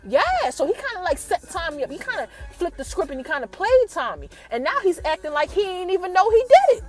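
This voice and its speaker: A woman's voice: very high voice, brisk, soft background music. A woman hosting a podcast, giving a casual TV episode recap and keeping her listeners involved with questions. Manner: animated, keeps asking the listeners questions. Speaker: podcast host.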